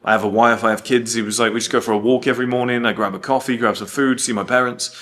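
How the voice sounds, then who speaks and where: Uk guy ranting bluntly, swears a lot, acts out convos, normal pitch. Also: fast talker. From United Kingdom. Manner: blunt, animated storytelling with swearing and quoted dialogue. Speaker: host. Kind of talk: casual monologue.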